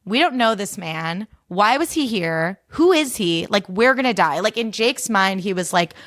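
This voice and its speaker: A woman's voice: normal speed, dry recording, studio quality. A young American woman hosting a podcast, telling a story casually and acting out other people's lines with big jumps in her voice. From United States. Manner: animated, acts out voices with big pitch jumps, heavy use of "like". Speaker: podcast host.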